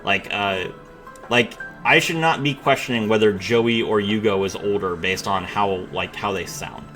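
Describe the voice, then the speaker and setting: Guy reviewing game animations, bright voice, blunt and opinionated, lots of likes, faint music behind. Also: on the low side, unhurried. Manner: blunt, opinionated, many "like" fillers. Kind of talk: casual commentary.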